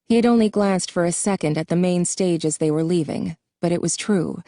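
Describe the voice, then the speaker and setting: A woman narrates an audiobook in a steady, even storytelling voice. Her tone is dark and mellow and sits slightly low for a woman. The recording is close and dry. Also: fairly quick, no echo.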